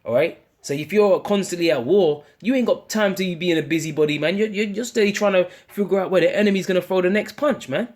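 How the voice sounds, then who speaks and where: A man's voice: high-pitched, quick pace, few pauses, a little mellow. A British man preaching an informal sermon, speaking in casual slang with many restarts and ending phrases with "man". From United Kingdom. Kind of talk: informal street-style sermon.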